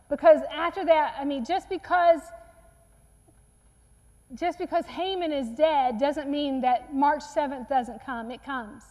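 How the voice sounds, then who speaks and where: A woman preaching a sermon, retelling a Bible story in an earnest storytelling manner. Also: high-pitched. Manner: earnest storytelling, acts out quotes softly. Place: church sanctuary. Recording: long church reverb.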